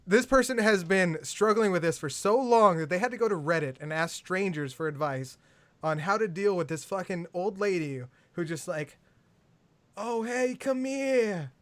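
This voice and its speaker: Brief: male comedy podcast host, slightly high voice, bone-dry close sound, crude and laughing. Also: normal speed, fairly bright tone, no echo. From Southern California. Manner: crude, laughing, reads listener questions. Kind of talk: casual comedy podcast chat.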